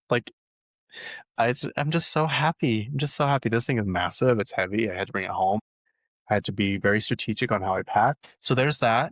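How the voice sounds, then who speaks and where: A man chatting casually as a vlog host, gushing and excitable with lots of fillers. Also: mid-range voice, no echo. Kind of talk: casual chat. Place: lives in Utah.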